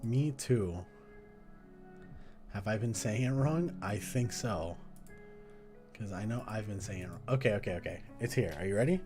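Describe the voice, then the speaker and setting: Casting note: man in his twenties, low voice, playful chatty host, with music playing underneath. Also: expressive, moderate pace, long pauses. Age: 20s. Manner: chatty and playful, often laughing at himself. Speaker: journaling video host. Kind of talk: casual live chat while journaling. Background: background music.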